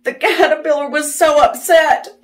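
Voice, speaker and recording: A woman reading a picture book aloud to children, animated and delighted, stopping to ask them questions. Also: high voice, normal speed, faint music behind. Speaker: children's storyteller.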